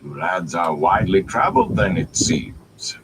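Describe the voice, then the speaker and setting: A man voicing a grand, scornful old traveling bard with a theatrical, dry and mocking manner, over steady background noise. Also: low voice, a little slow, heavily acted. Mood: gruff.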